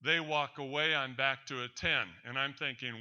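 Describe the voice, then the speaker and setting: A man's voice: mid-range voice, steady tone, normal speed, few pauses, pushed and bright, lo-fi sound. A man presenting a talk, telling a personal story in an emphatic, defiant way to an audience. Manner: emphatic and defiant, addresses doubters directly.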